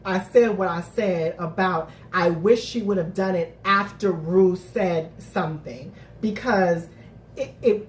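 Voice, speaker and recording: A woman hosting a live recap stream, chatting casually to her viewers, animated and thinking out loud with lots of restarts. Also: mid-range voice, a little hiss or hum. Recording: roomy, distant mic.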